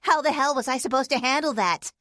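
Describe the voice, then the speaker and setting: Blunt, sarcastic little female pixie played by a woman narrator, slightly higher voice, dry close audiobook sound. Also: a little fast, sharp tone, no echo. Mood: exasperated. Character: small teary female pixie, blunt and sharp-tongued.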